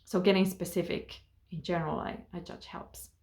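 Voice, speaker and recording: Woman therapist, lower voice; gentle, unhurried advice, pausing to think. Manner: calm, gentle, thoughtful with frequent pauses and fillers. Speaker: therapist and trainer. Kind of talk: advice talk to camera.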